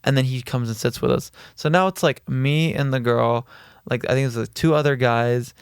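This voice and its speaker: A man, a podcast guest, casually telling an anecdote in an animated way, swearing freely and laughing as he goes. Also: medium pitch, normal speed, clear, resonant tone, no room sound, studio quality.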